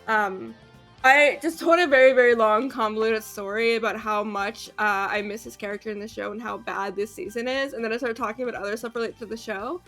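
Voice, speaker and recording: A woman's voice: on the high side, fairly quick, a bit bright, soft background music. A woman streamer giving casual, rambling and profane commentary while playing a game. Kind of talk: casual let's-play commentary.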